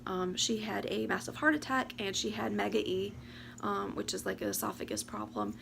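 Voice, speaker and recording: A woman, talking to camera about her year. She rambles, talks fast and fights back tears. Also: medium pitch, lively intonation, creaky, noisy background. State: teary, close to crying. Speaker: vlogger. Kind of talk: casual chat to camera. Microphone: camera or phone mic.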